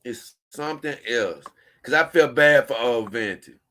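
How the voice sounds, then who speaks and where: A man's voice: mid-range voice, a little slow, sharp tone, slight background noise. A man, hosting a casual show, rambling and chuckling as he reads posts aloud to his viewers. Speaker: host.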